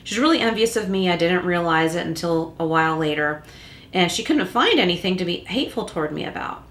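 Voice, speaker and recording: At home in a room with a closed door, a woman gives a tarot reading, speaking straight to the listener in a reassuring way. Her fairly low voice is animated and a little fast. The room sounds echoey.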